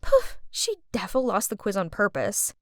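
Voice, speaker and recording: A woman's voice: medium pitch, wildly swooping pitch, normal speed, no room sound, pitched below the performer's own voice. Woman doing a gossipy teen kid, sneering, dry close sound. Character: gossiping teenage student.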